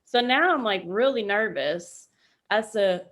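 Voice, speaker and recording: A woman veteran telling a story on a podcast in a casual, animated way, swearing freely. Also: mid-range voice, measured pace. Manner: animated, acts out quoted voices, swears freely. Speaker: military veteran guest.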